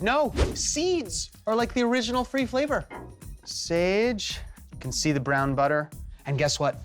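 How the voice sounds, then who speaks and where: A man hosting a cooking show, playful and theatrical, joking as he cooks and swinging between high exclaims and low asides. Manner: theatrical, jokey, big swings in pitch. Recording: light background music.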